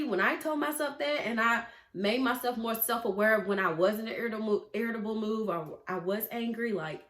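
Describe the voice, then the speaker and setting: Chatty young woman in a roomy space. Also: medium pitch. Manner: chatty, animated, often asks "right?". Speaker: vlogger, mental health therapist. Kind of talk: casual personal vlog talk. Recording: roomy echo.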